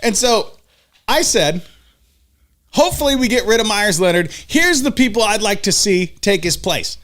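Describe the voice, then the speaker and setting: A man co-hosting a podcast, ranting loudly and swearing in casual banter. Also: sits high, animated, normal speed. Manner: ranting, loud and profane. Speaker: podcast co-host.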